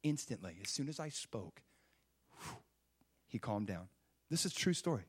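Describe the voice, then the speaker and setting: A man's voice: medium pitch, sing-song, moderate pace, husky. A man preaching a sermon, emphatic and full of rhetorical questions. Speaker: pastor.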